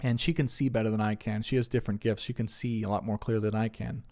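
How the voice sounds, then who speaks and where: A young man on a live stream answering viewers' questions as a spiritual reader, earnest and rambling, getting animated when he retells stories. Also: fairly low pitch, fast, creaky. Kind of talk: casual live stream chat.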